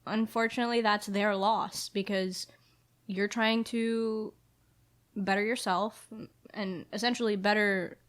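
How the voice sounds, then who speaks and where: A woman's voice: mid-range voice, steady tone, a little slow. A young woman in her twenties co-hosts a casual chat podcast. She is playful, slips jokey asides into her talk, and sums things up for her friend. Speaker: podcast co-host.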